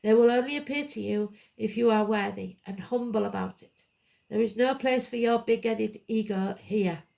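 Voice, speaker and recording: Lady doing a tarot reading, kinda high voice, lots of creaky fry, blunt and goes off on tangents. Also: normal speed, mellow. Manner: blunt, emphatic, with rambling asides. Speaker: tarot reader. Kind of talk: live tarot card reading.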